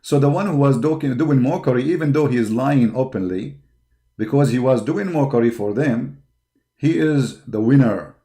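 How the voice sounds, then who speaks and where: A man's voice: mid-range voice, moderate pace, warm tone. A man hosting an online show, delivering a combative, impassioned monologue full of repeated words and fillers. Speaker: online apologetics show host.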